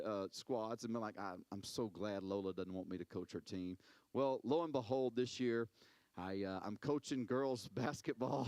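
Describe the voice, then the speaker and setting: A man preaching a sermon as a pastor, telling stories in an animated way, repeating words and acting out quotes. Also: mid-range voice, no room sound.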